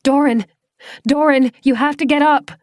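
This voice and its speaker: A woman voicing a desperate young woman, pleading and shouting in a high, strained voice in a dry, close recording. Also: very animated, normal speed, slightly rough, no echo, heavily acted.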